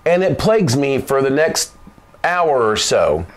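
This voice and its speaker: Animated, laughing male storyteller. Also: mid-range voice, measured pace. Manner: animated, laughing often, loose and profane. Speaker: vlog host. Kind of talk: comic storytelling.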